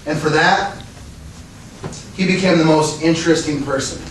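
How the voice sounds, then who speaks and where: A man with a fairly high voice delivers an earnest prepared speech at a club meeting. He asks the room rhetorical questions as he goes. He is recorded from a distance in a very echoey room. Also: steady tone, normal speed. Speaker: Toastmasters speaker. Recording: echoey room, distant mic, faint noise.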